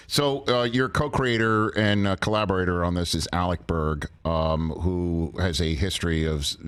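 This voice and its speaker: A man's voice: deep voice, normal speed, fairly bright tone, clear, resonant tone. A man hosting a talk show, chatting with a guest and telling anecdotes of his own. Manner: chatty, easily amused, tells anecdotes. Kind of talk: casual interview chat.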